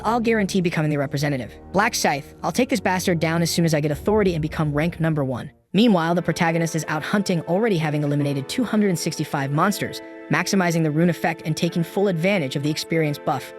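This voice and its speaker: A man narrating a comic story recap in a loose, casual spoken style, reading out every character's lines himself. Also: fairly high pitch.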